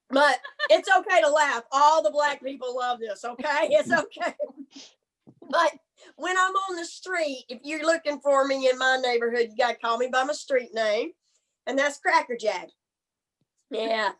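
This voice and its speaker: Woman, high voice, brassy folksy stand-up comic, bawdy jokes, drawn-out punchlines. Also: a bit bright, poor audio. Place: comedy stage.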